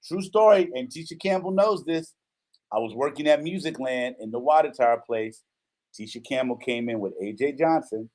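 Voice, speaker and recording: With a medium pitch and normal speed, a man in his fifties hosts an informal show and recounts a story. He brings it to life by acting out quotes and regularly asks "right?"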